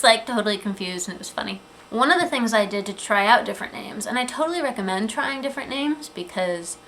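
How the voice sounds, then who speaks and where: A woman in her twenties talking in a casual, earnest personal vlog, chatty, with frequent ums and quick asides. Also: mid-range voice, fairly bright tone, low-quality recording. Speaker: vlogger. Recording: 2008 webcam video, faint room noise.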